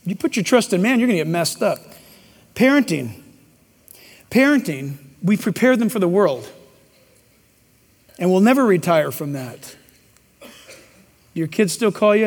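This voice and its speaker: A man's voice: sits high, lively intonation, normal speed, long pauses. A man preaching a sermon in a church, emphatic and preachy with joking asides. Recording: long hall reverb.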